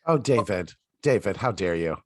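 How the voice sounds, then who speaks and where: Wry, expressive male podcast co-host. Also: deep voice, moderate pace, dry recording. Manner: wry, mock-outraged banter. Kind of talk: casual chat.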